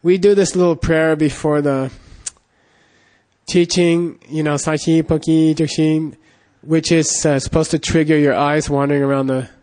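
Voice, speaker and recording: A man's voice: a little high, steady tone, moderate pace, darkish tone. A middle-aged man giving a casual Buddhist teaching, rambling through anecdotes with constant "you know" and "okay?" check-ins. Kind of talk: casual dharma talk with anecdotes.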